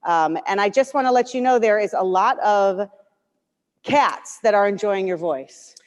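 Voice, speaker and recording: A woman's voice: medium pitch, unhurried, in a large hall. A woman leading a worship service, chatting in friendly asides between prayers and readings.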